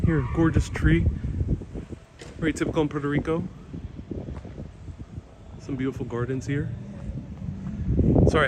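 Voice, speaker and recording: A man hosting a live-streamed walking tour outdoors, talking enthusiastically and reading viewer comments aloud. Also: mid-range voice. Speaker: host. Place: outdoors on town streets. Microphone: handheld phone. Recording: noisy outdoor phone stream.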